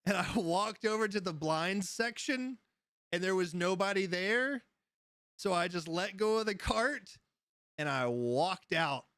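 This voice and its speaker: A man's voice: high voice, lively intonation, a little slow, a bit bright, smooth, no room sound. Male streamer, slightly raised voice, easygoing storyteller who laughs a lot, dry room. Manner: rambling storyteller, laughs often, answers chat. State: high. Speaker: livestream host. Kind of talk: casual live-stream chat.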